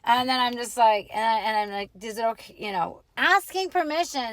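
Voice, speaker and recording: Married lady host, opinionated advice chat, high voice, dry mic. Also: normal speed, no echo. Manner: opinionated, animated, acts out quotes. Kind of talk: casual advice monologue.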